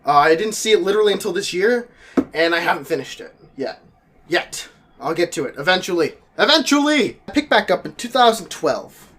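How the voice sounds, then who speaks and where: A young man in his early twenties talks straight to camera in a loose, rambling monologue. His voice sits high for a man and swings widely up and down as he jokes and exaggerates. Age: young adult. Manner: animated, quick shifts in pitch, jokey asides. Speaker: vlogger.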